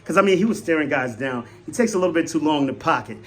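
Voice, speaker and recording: Young male fan vlogger, slightly high voice, casual and excitable postgame rant. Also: very fast. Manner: excitable, swings between loud hype and low mutters.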